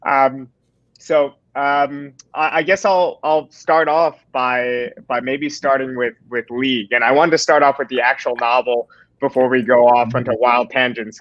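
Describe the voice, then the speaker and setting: Male moderator, halting casual delivery, dry lo-fi sound. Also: medium pitch, fairly even intonation, fairly bright tone, no echo. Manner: hesitant, many fillers and restarts. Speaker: host and moderator. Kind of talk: conversational panel discussion.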